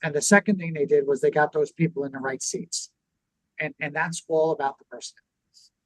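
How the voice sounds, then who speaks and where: A man co-hosting a business talk show, teaching in a lively conversational way and acting out what people would say. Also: on the high side, a little fast, dry recording, low-quality recording. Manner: animated, acts out quoted reactions. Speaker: podcast co-host.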